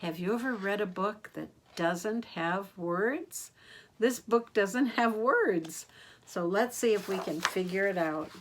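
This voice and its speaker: An older woman, a grandmother, reading picture books aloud to children in a gentle, expressive way, gasping and asking them questions. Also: mid-range voice, slow, a little hiss or hum. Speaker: grandmother storyteller.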